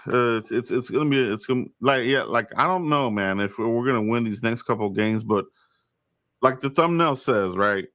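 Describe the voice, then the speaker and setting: A man's voice: mid-range voice, moderate pace, a bit bright, dry recording, clean studio sound. A man co-hosting a sports podcast, talking casually and restarting his sentences often. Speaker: podcast co-host.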